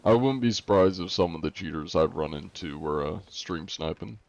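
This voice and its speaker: Laid-back male streamer, lowish voice. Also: moderate pace, dull audio. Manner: laid-back, joking, reads chat questions aloud. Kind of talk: casual chat with viewers while gaming.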